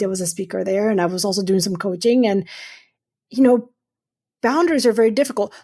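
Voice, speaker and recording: In a podcast interview, a middle-aged surgeon, a guest urologist, talks with earnest emphasis and often repeats phrases for weight. Her voice is medium-pitched and mellow.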